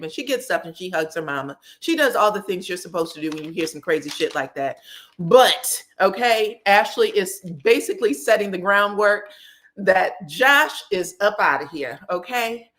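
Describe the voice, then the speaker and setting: A woman's voice: medium pitch, lively intonation, moderate pace, a bit bright. A woman recapping a reality show in casual, slangy commentary, punctuating her points with emphatic tags and frequent laughter. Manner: slangy, emphatic, tags lines with "okay?" and "child"; laughs often while telling.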